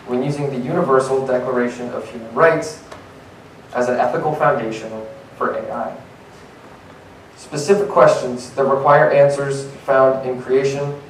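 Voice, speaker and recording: A young man giving a prepared conference talk, earnest and a bit halting, with fillers between points. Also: medium pitch. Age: young adult. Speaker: conference speaker. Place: conference hall. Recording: roomy, distant mic, faint noise.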